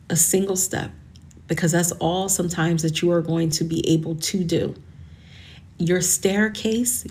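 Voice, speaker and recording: A woman's voice: lowish voice, vocal fry, a little mellow. Earnest, encouraging woman podcast host. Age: 40s. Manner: earnest, encouraging, calls listeners honey. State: tearful, emotional. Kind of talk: motivational podcast monologue.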